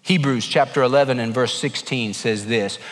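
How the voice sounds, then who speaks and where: A male pastor preaching a sermon, animated and emphatic, dropping to a hush for quieter passages. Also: mid-range voice, moderate pace, a little hiss or hum. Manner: animated preaching, swinging between emphatic and hushed. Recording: long hall reverb.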